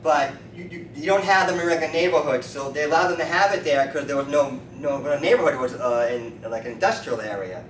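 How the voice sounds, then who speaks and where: This man in his fifties is a chiropractor and featured speaker who tells lively stories at a meeting, acting out quoted voices. He talks fast with a slightly high voice and barely pauses, recorded by a distant mic in a roomy room with faint noise.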